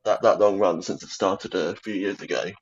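A man's voice: deep voice, normal speed, over a noisy crowd. A man hosting a podcast, asking the guest questions in a hesitant way and restarting them. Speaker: podcast host. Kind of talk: interview questions. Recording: dull lo-fi sound.

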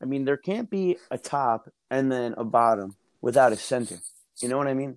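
A man's voice: mid-range voice, lively intonation, normal speed, dry recording. A man from New Jersey, a podcast guest, telling stories in casual chat with restarts and easy laughs, recorded at an outdoor barbecue on earbuds. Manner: storytelling, restarts, laughs easily.

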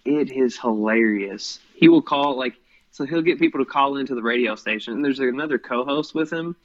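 A man's voice: mid-range voice, a little fast. A man chatting casually as a co-host, rambling with lots of fillers. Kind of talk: casual chat. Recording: slightly muffled lo-fi sound.

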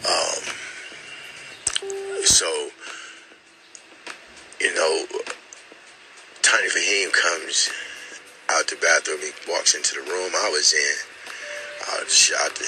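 A young man tells a personal story in a halting, earnest way, repeating words and using many fillers. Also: deep voice, sharp tone, a little hiss or hum, poor audio. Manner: earnest and emotional.

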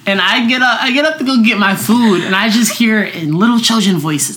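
A young woman with a hoarse voice, co-hosting a casual chat and telling stories with lively acted-out quotes. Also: fairly quick, very noisy. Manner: animated storyteller, acts out quotes in high voices. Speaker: podcast co-host.

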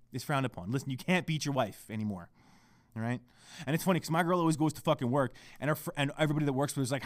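A man's voice: sits high, no echo, clean studio sound. Brief young male podcast host, foul-mouthed ranter, voice leaps up and down. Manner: heavy swearing, swings between shouting and hushed muttering. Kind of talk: profane solo podcast rant.

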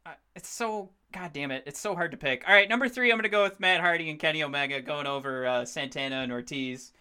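A man in his thirties co-hosting a podcast in casual chat, excitable and rambling, swearing freely as he talks. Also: fairly high pitch, quick pace, clean tone. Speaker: podcast co-host.

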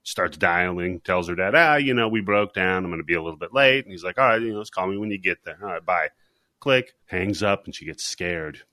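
A man co-hosting a podcast, chatting casually and recapping a movie scene by scene, laughing often and putting on quick voices for the characters. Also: low-pitched, sharp tone, no room sound, studio quality. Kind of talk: casual comedic chat.

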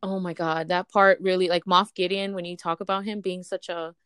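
A woman's voice: fairly low pitch, little pitch movement, brisk, fairly bright tone, clean tone, no room sound, clean studio sound. A woman chatting as a podcast co-host over a speakerphone call, gushing and breathless, breaking into squeals. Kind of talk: excited fan chat.

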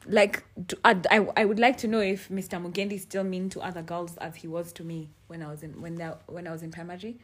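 A young woman, hosting a podcast in frank, animated casual chat and swearing freely. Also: fairly low pitch, fast talker, few pauses, breathy edge. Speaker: podcast host.

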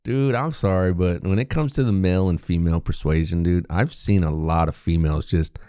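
A man's voice: deep voice, a little fast, mellow, smooth, no echo, clean studio sound. A man co-hosting a podcast in casual chat, laid-back and profane. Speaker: podcast co-host.

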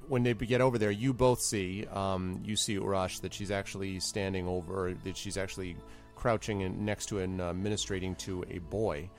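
A man running a tabletop game with a lowish voice, narrating in halting bits full of pauses and fillers. Faint music runs under the talk. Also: steady tone. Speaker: game master.

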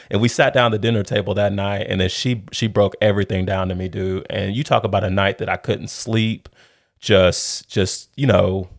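A middle-aged man telling a personal story in a casual chat, animated and laughing often. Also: fairly low pitch, vocal fry, no room sound, studio quality.

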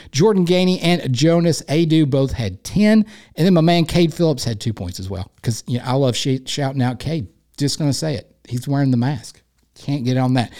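A man's voice: a little high, darkish tone. Rambling, jokey East Tennessee man hosting a podcast. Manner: rambling, jokey, self-deprecating. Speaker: podcast host. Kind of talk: casual sports podcast monologue.

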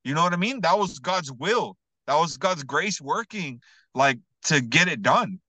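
A man's voice: on the high side, a little slow, no echo, poor audio. A man telling a personal story in casual, slangy podcast talk, peppered with "bro" and "you know what I mean", earnest and emphatic. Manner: earnest, builds to excited emphasis.

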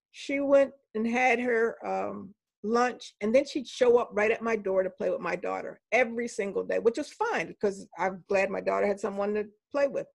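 A woman's voice: mid-range voice, gravelly. An older woman, a professor, telling anecdotes in a conversational interview and voicing the people she quotes.

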